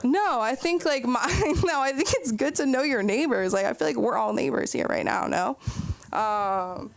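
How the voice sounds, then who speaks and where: High, smooth-voiced woman comic. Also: normal speed. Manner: rambling, breathless storytelling with lots of "like". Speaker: stand-up comedian. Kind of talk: stand-up comedy set.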